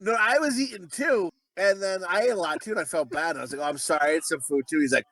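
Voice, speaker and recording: A man's voice: high voice, quick pace, fairly bright tone, dry recording. A man co-hosting a podcast, telling rambling, profane stories in casual chat. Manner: rambling, profane, laughing storyteller. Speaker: podcast co-host.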